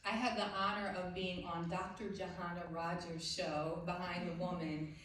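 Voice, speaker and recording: A woman gives a heartfelt, grateful award acceptance speech from a stage. Her voice sits on the low side. She is heard from some distance, in a very echoey hall with faint background noise. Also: little pitch movement, normal speed, a bit bright. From South Jersey. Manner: heartfelt, grateful, faith-filled. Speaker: award recipient. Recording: very echoey hall, far from the mic.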